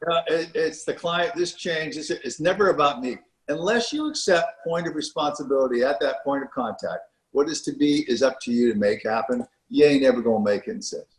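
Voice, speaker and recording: A male podcast host speaking in a reflective, halting way with restarts. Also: a little high, echoey room. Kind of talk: interview chat.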